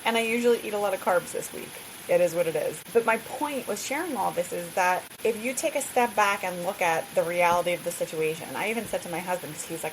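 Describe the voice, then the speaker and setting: Woman host chatting away, lowish voice, laughs a lot, hissy recording. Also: animated, fast talker, hardly any pauses, poor audio. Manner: chatty, laughs often, many "like" asides. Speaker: podcast host. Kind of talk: candid solo podcast chat.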